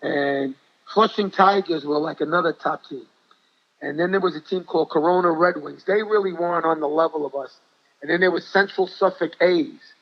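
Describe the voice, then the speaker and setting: A man's voice: a little high, normal speed. Older rambling New York man. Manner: rambling, chatty, repeats himself. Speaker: guest, former ballplayer and coach. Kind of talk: interview storytelling. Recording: dull lo-fi audio.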